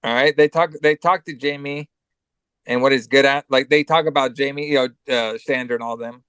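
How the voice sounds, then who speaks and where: A man's voice: medium pitch, steady tone, a little fast, a bit bright, smooth, no room sound. A man with a cold co-hosting a podcast, giving a loose, profane, filler-heavy recap of a movie. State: has a cold. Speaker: podcast co-host.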